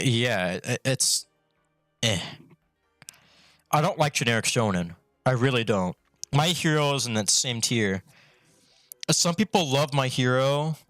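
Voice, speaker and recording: A man's voice: mid-range voice, expressive, normal speed, long pauses, fairly bright tone, no echo, studio quality, soft background music. A male streamer ranting bluntly and profanely in a rambling casual way, talking with a retainer in his mouth. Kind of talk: casual opinion rant.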